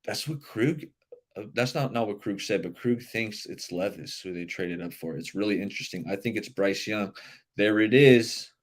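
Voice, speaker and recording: A man's voice: fairly low pitch, normal speed. A man hosting a live sports talk stream, chatting loosely and reacting to viewer comments. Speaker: livestream sports show host.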